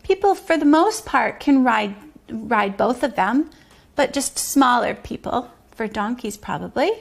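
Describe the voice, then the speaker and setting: A woman's voice: a little high, animated, measured pace, gravelly. A woman teaching preschoolers, singing simple farm songs, imitating animal sounds and patiently encouraging the children. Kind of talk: sing-along lesson for preschoolers.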